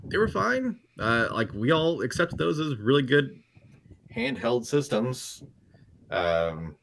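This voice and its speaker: A middle-aged man chatting as a podcast guest, hesitant with many pauses and fillers. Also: mid-range voice, big pitch swings, gravelly, fairly bright tone, slight background noise. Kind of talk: casual chat.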